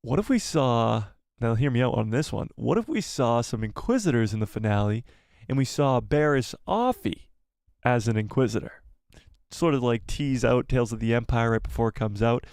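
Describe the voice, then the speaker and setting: A man's voice: mid-range voice, a little mellow, no echo, clean studio sound. Enthusiastic man rambling on a live stream. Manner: enthusiastic, rambling, thinks aloud. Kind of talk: casual live stream chat.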